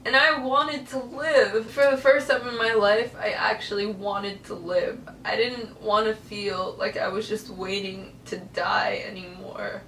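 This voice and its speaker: Young woman vlogging her story: heartfelt and emotional, middle pitch, echoey room. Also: steady tone, a little slow, few pauses, a bit bright, far from the mic, slight background noise. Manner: earnest, emotional, tearful at times. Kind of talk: personal story to camera. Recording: echoey room, voice a bit off-mic.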